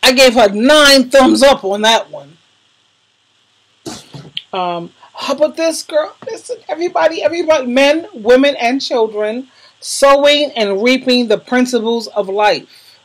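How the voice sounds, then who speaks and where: Husky, effusive woman vlogger. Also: sits high, a little slow, poor audio. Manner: effusive, emotional, calls listeners darling; slangy and emphatic. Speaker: YouTuber recommending videos to viewers. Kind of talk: casual vlog talk.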